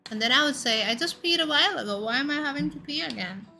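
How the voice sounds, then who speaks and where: A woman's voice: sits high, expressive, fast talker, bright, forceful tone, faint music behind. A young woman streaming, chatting casually and playfully with her chat and stumbling over tongue-twisters.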